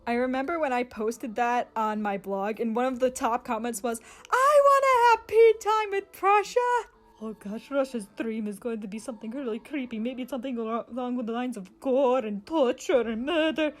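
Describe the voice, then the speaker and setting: High-pitched young woman, excitable and sarcastic, for comedic commentary over faint music. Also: a little fast, hardly any pauses. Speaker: video creator. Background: faint background music.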